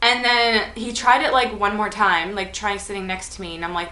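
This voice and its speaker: A woman's voice: mid-range voice, fairly even intonation, normal speed, pushed and bright, reverberant. A young woman chatting animatedly through a storytime vlog, full of fillers and acted-out dialogue. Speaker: vlogger.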